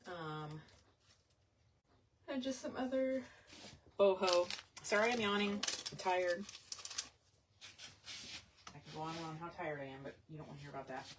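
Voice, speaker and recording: A woman's voice: fairly low pitch, normal speed, long pauses, background noise. A woman vendor chatting casually and rambling as she shows her items in a selling vlog. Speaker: vintage and jewelry vendor.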